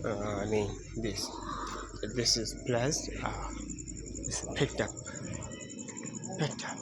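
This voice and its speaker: A man speaks slowly into a phone held at arm's length as he walks along a road at night. His English is halting and non-native, full of pauses and restarts. Loud crickets and passing traffic fill the recording. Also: fairly low pitch. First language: not English. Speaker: English learner vlogging. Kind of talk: casual walking vlog. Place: outdoors at night along a roadside. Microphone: phone camera at arm's length. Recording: loud street and insect noise.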